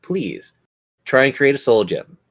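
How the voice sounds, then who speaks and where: A man's voice: mid-range voice, very animated, a little slow, a bit bright, slightly rough. A man narrating a tabletop game as game master, with dramatic, descriptive narration at an uneven pace.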